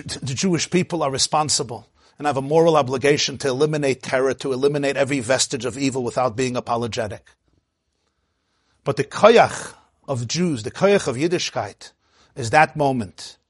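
A man's voice: medium pitch, slightly rough, dry recording, clean studio sound. A man, a rabbi, giving a storytelling sermon in an emphatic, heartfelt way.

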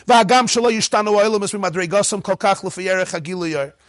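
Male Torah teacher, high-pitched and animated, dry close sound, acts out little dialogues. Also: fast, no echo. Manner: mixes Hebrew text readings with English explanation. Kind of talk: lively Torah class lecture.

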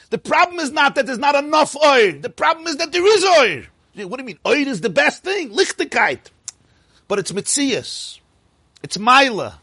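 A man's voice: very high voice, sharp tone, slightly rough, no echo. A man giving a spoken Torah lecture, emphatic and repeating phrases for stress. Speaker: teacher of a religious class.

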